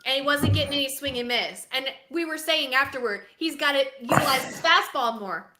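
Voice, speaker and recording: A woman co-hosting a casual sports podcast, talking in a dramatic, animated, self-mocking way. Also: sits high, fairly quick, echoey room, very noisy. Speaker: podcast co-host.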